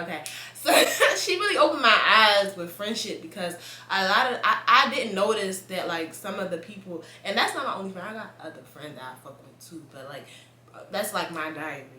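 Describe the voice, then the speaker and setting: A young woman, chatting casually to camera in a blunt, profane and animated way, laughing often. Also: mid-range voice, roomy sound. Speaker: vlogger.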